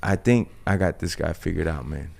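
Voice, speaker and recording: Gravelly brash man telling fight stories. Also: deep voice, a little fast. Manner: brash, profane, animated storytelling. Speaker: guest fighter. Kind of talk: casual podcast storytelling.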